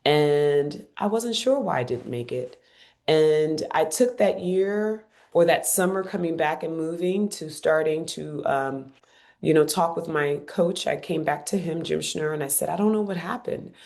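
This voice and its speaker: A woman in her forties, a guest on an interview podcast, telling her story in a lively, emphatic way and repeating phrases for effect. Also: deep voice, unhurried, vocal fry. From Cincinnati, United States. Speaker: guest, former Olympic runner.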